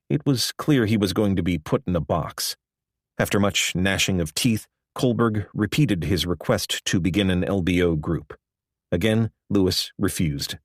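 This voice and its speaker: A man narrating a nonfiction audiobook in a measured, even storytelling manner. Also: fairly low pitch, no echo. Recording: dry close studio recording.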